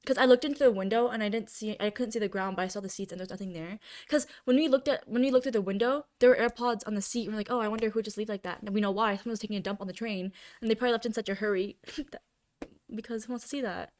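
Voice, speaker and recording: A young woman co-hosting a podcast tells rambling, filler-packed stories in casual chat. She races along at a medium pitch, her voice a little mellow.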